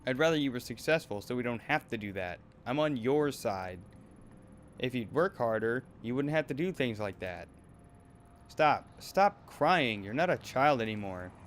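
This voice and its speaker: A man's voice: medium pitch, expressive, moderate pace, slight background noise, close to an everyday voice. A man doing a bullying male talent manager. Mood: berating. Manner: berating, menacing, then wheedling.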